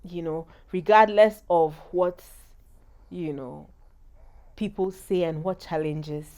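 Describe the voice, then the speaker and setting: A woman in her thirties with a Ghanaian accent, a guest on an interview show, telling her story in lively, animated talk. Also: fairly low pitch, slow. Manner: animated storyteller, acts out quoted voices. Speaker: guest, cake business founder.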